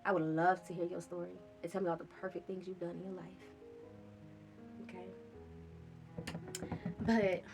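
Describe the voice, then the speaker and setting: Woman, fairly low voice, raw and rambling, sighing, swears freely, confessional vlog, soft guitar behind. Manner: raw, rambling and profane, with sighs. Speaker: vlogger telling her own story.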